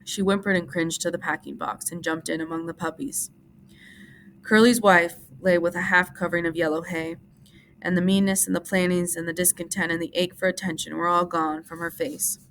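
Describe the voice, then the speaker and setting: A low, gravelly-fry voice belongs to a woman teacher who reads a novel aloud for her class in a measured, steady, audiobook-like manner. A faint hiss lies under her voice.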